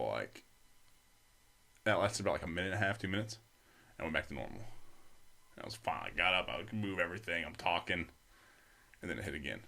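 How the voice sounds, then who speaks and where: Deep-voiced young man, casual and profane. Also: gravelly, a bit bright. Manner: profane, rambling, many fillers. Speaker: podcast guest. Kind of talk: casual storytelling.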